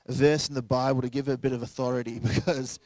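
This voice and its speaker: A man's voice: medium pitch, little pitch movement, fast, a little mellow, dry recording. A young man preaching a sermon in a casual, joking way, acting out quoted voices along the way. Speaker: pastor.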